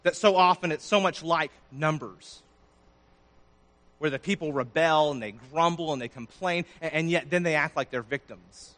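A man preaching a sermon, his voice swelling loud and then dropping low. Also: normal speed. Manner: preaching with sudden swells and drops in loudness. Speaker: pastor.

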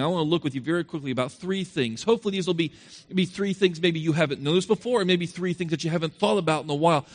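A male preacher delivering an evening sermon, repeating phrases for emphasis and asking the congregation rhetorical questions. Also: high-pitched.

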